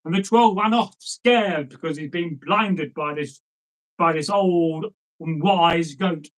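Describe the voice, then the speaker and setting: Man storyteller, casual folk tales, chatty and rambling, fairly high-pitched. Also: slow pace, fairly bright tone, poor audio. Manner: rambling, chatty asides, lots of fillers. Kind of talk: casual folk tale telling.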